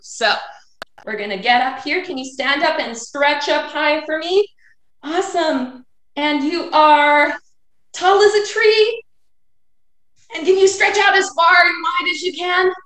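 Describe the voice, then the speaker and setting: Librarian lady doing kids activity time, slow and high, echoey room, bouncy sing-song. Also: slight background noise. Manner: animated and encouraging, with chants and songs. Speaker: children's librarian. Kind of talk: kids' story and activity time. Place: home, live video stream. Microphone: video call.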